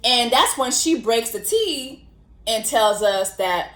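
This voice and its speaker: A young woman hosting a casual commentary vlog, telling the story in an animated, slangy way with lots of swearing. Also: fairly high pitch, slow. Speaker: host. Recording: roomy echo.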